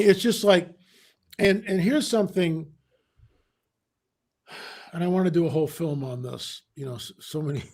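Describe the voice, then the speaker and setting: A man as an interview guest, telling a story in an animated way, often restarting his sentences. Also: high-pitched, gravelly. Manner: animated, re-enacts dialogue, frequent restarts.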